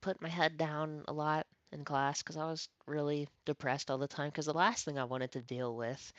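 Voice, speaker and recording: A woman's voice: low-pitched, moderate pace, no echo. Swearing storyteller woman, dull lo-fi mic. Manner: animated, swearing, acts out quoted dialogue. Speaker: streamer. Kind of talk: casual storytelling chat. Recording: dry, dull lo-fi stream audio.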